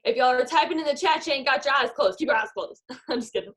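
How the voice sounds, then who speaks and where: A woman's voice: high voice, animated, quick pace, few pauses, fairly bright tone. A woman, a network marketing leader giving an upbeat motivational talk over a video call. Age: 20s. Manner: upbeat, guides a visualization.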